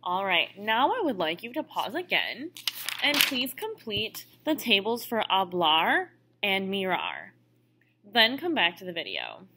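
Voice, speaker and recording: A woman records a classroom lesson, walking students through each step with patience. Her voice is bright and clear. Her pitch moves up and down a lot. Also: huge pitch swings, a little slow, slight background noise. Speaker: Spanish teacher.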